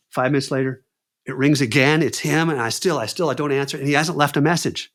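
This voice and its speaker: As a podcast guest, a man tells a story at a fast clip in a medium pitch. His delivery is animated and casual, full of "dude" and "man," and he performs the lines of the people he quotes.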